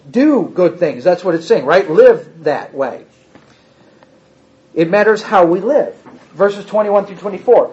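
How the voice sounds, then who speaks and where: A man's voice: high-pitched, lively intonation, unhurried, pauses often, a little mellow, highs cut off. A man teaching an informal Bible class, reading scripture aloud with dramatic emphasis between casual comments.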